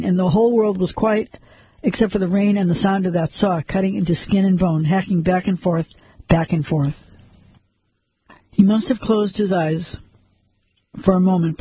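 A man reading a story aloud as narrator, in a steady, measured way. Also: sits high, a little hiss or hum, low-quality recording.

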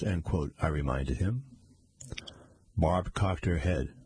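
Husky deep-voiced man reading a story. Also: takes it slowly, long pauses, no echo. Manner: animated, does character voices. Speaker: narrator. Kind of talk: first-person story reading.

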